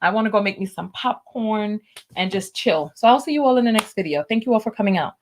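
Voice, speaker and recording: A woman's voice: mid-range voice, lively intonation, fast talker. A woman hosting a casual livestream, chatting and laughing as she talks straight to her viewers and reads their comments aloud. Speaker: host.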